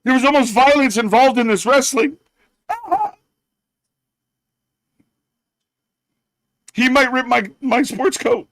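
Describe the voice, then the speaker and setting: A man mocking a shrill whiny wrestler. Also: expressive, moderate pace, fairly bright tone, full character voice. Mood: mock-frightened. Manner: shrill, mock-frightened whimpering.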